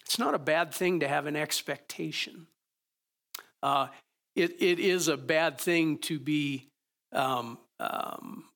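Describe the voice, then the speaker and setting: Gravelly-voiced male pastor preaching. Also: on the high side, a bit bright. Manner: conversational preaching with rhetorical questions. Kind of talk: sermon.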